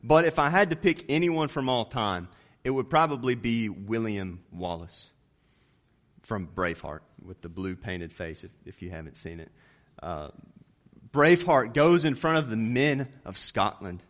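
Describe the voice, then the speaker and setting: At a measured pace, a man preaches expressively from scripture. His sermon climbs to loud, emphatic high points, and his voice falls low to land key words.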